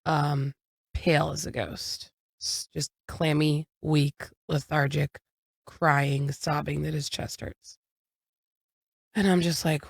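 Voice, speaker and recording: A woman's voice: sits low, flat delivery, slow, gravelly, breathy edge, dry recording. A woman in her thirties co-hosting a podcast, telling a family story in a frank, casual way and swearing now and then. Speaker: podcast co-host. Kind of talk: casual chat.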